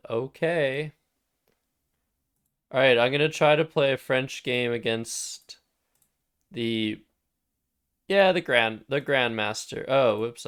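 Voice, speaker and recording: A man's voice: medium pitch, vocal fry, a bit bright, no room sound, clean studio sound. A man casually thinking aloud while playing word games on a live stream. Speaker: streamer and Scrabble player.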